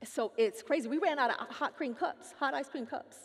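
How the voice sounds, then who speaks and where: A woman's voice: high-pitched, normal speed. A woman speaking on stage at a conference to a live audience, playful and teasing, talking straight to the crowd. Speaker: featured speaker. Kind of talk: animated stage talk. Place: large hall with live audience. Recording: long hall reverb.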